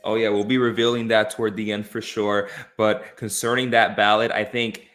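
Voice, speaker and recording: A man's voice: fairly low pitch, little pitch movement, normal speed, fairly bright tone, soft background music. A man co-hosting a casual film discussion podcast, talking in an impassioned, emphatic way with frequent restarts. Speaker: podcast co-host.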